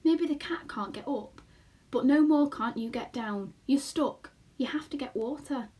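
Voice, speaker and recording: Woman reader plays tired little storybook dad; flat, blunt delivery, slightly high voice. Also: unhurried, slightly rough. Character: weary stubborn little father borrower.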